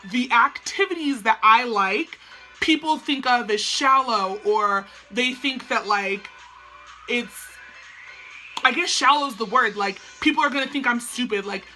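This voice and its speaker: A woman's voice: a little high, pushed and bright. A young woman chatting casually to camera at home as she does her makeup, slangy and full of "like". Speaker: beauty vlogger.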